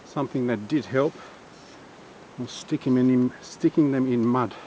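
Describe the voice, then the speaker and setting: Male vlogger, casual trail narration, muffled action-cam sound, loud outdoor noise. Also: medium pitch, unhurried. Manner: chatty, self-narrating on the move. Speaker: bushwalking vlogger. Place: outdoors in bush gorge by a waterfall.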